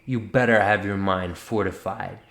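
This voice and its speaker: A man's voice: deep voice, steady tone, moderate pace, vocal fry, a crowd in the background. A man voicing Frizz, a stern, imperious male fey who lectures the party in a commanding, haughty way. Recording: echoey room with faint noise.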